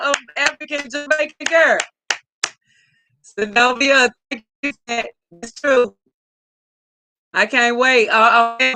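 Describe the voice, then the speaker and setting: A woman's voice: sits high, sharp tone, no echo. A woman hosting a casual live stream, reading viewer comments aloud in an upbeat, effusive way.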